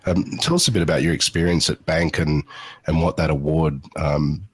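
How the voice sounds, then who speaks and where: Male podcast host, very deep and husky, dry close sound, asking interview questions. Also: fairly even intonation, normal speed, no echo.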